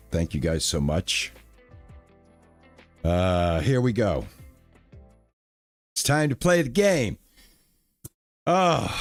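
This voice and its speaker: A man chatting casually on a live stream, relaxed and thankful, with lots of fillers and restarts. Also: lowish voice, no echo, studio quality.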